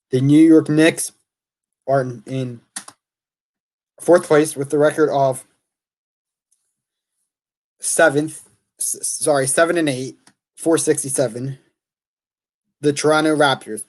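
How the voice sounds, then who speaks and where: A man's voice: medium pitch, a little mellow. A man hosts a loose sports talk show in an ordinary, mid-range voice. He rambles through his predictions as an opinionated fan and stops often to correct himself. Now and then he reads standings and records aloud.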